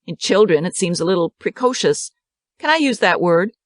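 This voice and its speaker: A woman reading the part of an impudent, combative young woman teacher with a dry, quick wit. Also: on the low side, very animated, no room sound. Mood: impish. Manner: wicked, dry, quick-witted.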